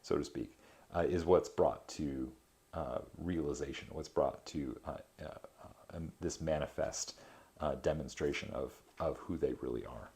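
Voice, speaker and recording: A man reading a poem aloud and explaining it in a casual, halting way, with many filler words. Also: very deep voice, a little mellow.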